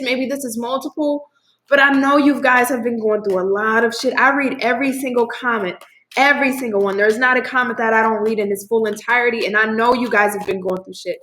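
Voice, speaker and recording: A woman's voice: a little high, steady tone, a little fast, a bit bright, slight background noise. Effusive, foul-mouthed woman reading tarot. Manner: effusive, swears freely, talks straight to viewers. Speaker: tarot reader. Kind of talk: casual tarot reading to camera. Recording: echoey room.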